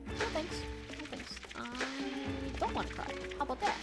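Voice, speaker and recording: A young woman streaming a game, chatting casually with her viewers, bubbly and excitable, laughing often and squealing over dogs. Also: high-pitched, measured pace, loud music behind the voice. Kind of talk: casual gaming stream chat.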